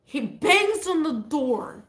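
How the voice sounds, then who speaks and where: A woman's voice: sits high, big pitch swings, slow pace, very noisy. A woman telling a casual storytime vlog, rambling and repeating herself as she goes, in an echoey room. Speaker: vlogger.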